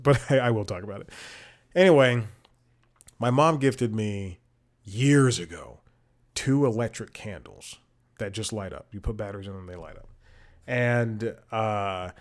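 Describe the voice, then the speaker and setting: A young man hosting a podcast, chatting in a rambling, frustrated way with many restarts and asides. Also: fairly low pitch. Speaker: podcast host. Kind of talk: casual chat.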